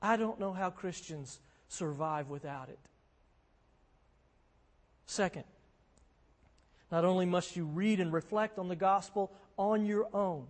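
A man's voice: high-pitched, a little slow, pauses often. A man preaching as a pastor, earnest and conversational, driving points home with emphatic repetition. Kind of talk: sermon. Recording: long hall reverb.

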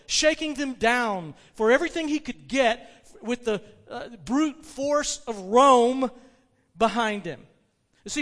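A man preaching a sermon, retelling a story with animated delivery and frequent restarts. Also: extremely high pitch. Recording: long hall reverb.

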